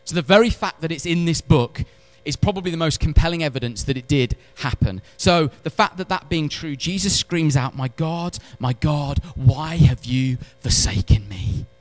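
A man preaching a sermon in church, animated, swinging between loud emphatic lines and hushed ones, with wry humorous asides. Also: on the high side, fairly quick, hardly any pauses. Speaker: pastor.

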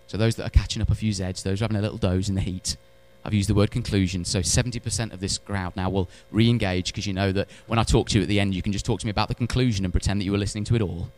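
A man preaching a sermon in church, animated, swinging between loud emphatic lines and hushed ones, with wry humorous asides. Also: on the low side, very fast, hardly any pauses. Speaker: pastor.

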